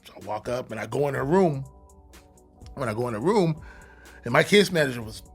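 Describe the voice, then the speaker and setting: Animated man telling a prison story. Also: mid-range voice, brisk, gravelly, husky, faint music behind. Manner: animated, profane, with frequent restarts. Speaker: podcast guest. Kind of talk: casual storytelling.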